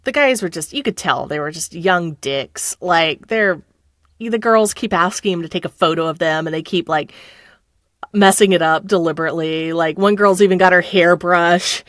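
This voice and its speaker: A woman's voice: on the low side, normal speed, a bit bright, dry recording, clean studio sound. A middle-aged woman telling a story as a podcast guest, laughing often and acting out the people she quotes. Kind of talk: casual storytelling.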